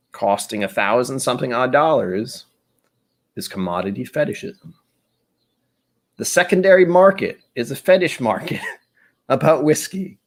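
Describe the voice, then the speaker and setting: A young American man hosting a casual live stream while tasting whiskey, rambling and interrupting himself, often slipping into playful voices. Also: medium pitch. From United States. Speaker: stream host.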